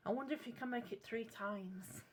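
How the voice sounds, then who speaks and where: Mujer británica charlando sobre pinturas. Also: female voice, on the high side, a little fast. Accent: British English. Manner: chatty, rambling, self-correcting, soft asides. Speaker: craft channel host testing paints. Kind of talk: casual craft demonstration chat. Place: home craft desk lit by a clip-on lamp.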